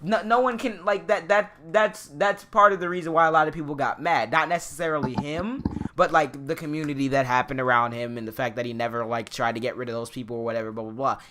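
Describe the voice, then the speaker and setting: A man's voice: a little high, fairly even intonation, quick pace, sharp tone. A man streamer in casual chat, rambling with many fillers and restarts.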